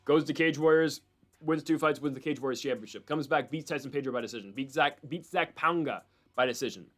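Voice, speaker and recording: A man casually breaking down MMA fights and predictions, rambling and excitable with frequent asides. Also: on the high side, a little fast, faint music behind.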